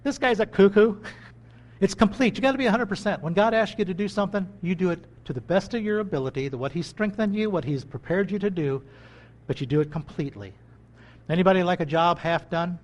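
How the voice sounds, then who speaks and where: A man preaching a sermon in a conversational way, swinging between loud bursts and quiet asides. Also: high-pitched, quick pace. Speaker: pastor. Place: country church.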